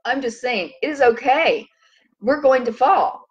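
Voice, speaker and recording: Woman, casual spiritual talk, chatty, rambling, slightly high voice, dull lo-fi sound. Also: a little slow. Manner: chatty, rambling, animated when quoting others. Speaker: host.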